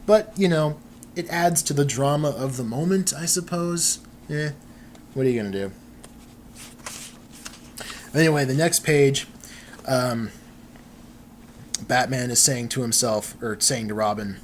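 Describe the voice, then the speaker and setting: A man's voice: medium pitch, a little slow, pauses often, a little hiss or hum. A man hosting a show, giving an off-the-cuff, amused comic book reading with chatty commentary. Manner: amused, chatty, laughs now and then. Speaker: podcast host.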